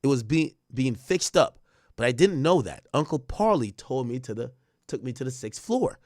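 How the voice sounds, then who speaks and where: A man talks through court testimony on his live stream, reading lines aloud and breaking off to react in slang. His pitch leaps up and drops low as he goes. The sound is dry and close, with no room around it. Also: normal speed, no room sound. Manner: animated, reads testimony aloud and riffs on it with slang. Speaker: stream host recapping a trial. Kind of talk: casual live-stream commentary.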